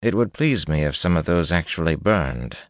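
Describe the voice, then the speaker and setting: A man voicing a cool, scheming noblewoman who speaks smoothly and primly in an audiobook reading. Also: low-pitched, expressive, normal speed, dry recording, studio quality. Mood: cool, probing.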